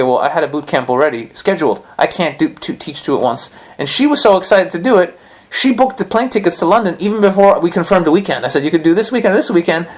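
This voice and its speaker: A man hosting a podcast and telling a story in casual chat, swearing often and acting out what people said. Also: on the high side. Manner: profane, animated storytelling. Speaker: podcast host.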